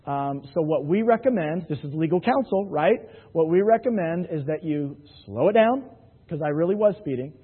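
A man's voice: fairly high pitch, breathy edge. A man giving an anecdotal sales talk to a live audience in a hall, joking and often asking the crowd "right?". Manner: jokey storyteller, keeps asking the crowd "right?". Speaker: sales presenter. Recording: tinny, phone-like, with long hall reverb.

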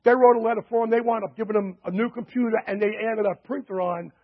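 Husky man telling sales stories. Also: high-pitched, fairly even intonation, fast. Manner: anecdotal, chatty with fillers and quoted dialogue. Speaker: sales presenter. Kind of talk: sales pitch storytelling. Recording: dull lo-fi recording.

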